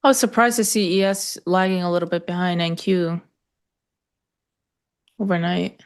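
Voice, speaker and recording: A woman's voice: lowish voice, normal speed, smooth. A woman co-hosting a live trading show, chatting casually with dry sarcastic asides. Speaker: co-host.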